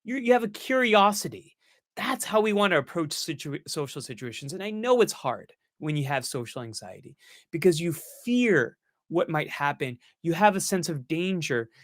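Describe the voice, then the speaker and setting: A man's voice: fairly high pitch, sing-song, normal speed, fairly bright tone, dry recording, studio quality. A man hosting a live-stream Q&A, answering viewer questions in an earnest, encouraging way with self-mocking asides.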